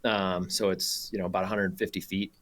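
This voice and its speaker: A man's voice: sits low, brisk. Laughing, rambling man telling a story. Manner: animated, laughing storyteller with many fillers and restarts. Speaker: guest photographer and hunter. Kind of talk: casual storytelling on a radio show.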